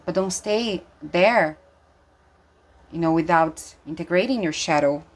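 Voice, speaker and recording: A woman's voice: lowish voice, a little slow. A woman giving an intuitive tarot reading, speaking earnestly and emphatically, with many fillers and restarts, and audibly moved. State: emotional, moved. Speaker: tarot reader.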